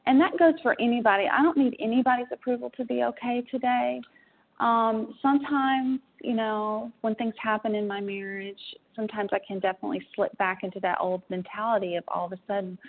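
A woman sharing her recovery story in a meeting, earnest and halting with frequent ums. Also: mid-range voice, fairly even intonation, gravelly. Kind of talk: personal recovery share. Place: room at a convention. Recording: tinny phone line.

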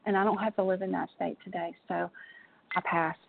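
A woman's voice: fairly low pitch, fairly even intonation, gravelly, slight background noise. Woman telling her recovery story, earnest, lots of ums, sounds like a tinny phone call. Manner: earnest, halting with frequent ums. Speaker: meeting participant sharing. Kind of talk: personal recovery share. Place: room at a convention.

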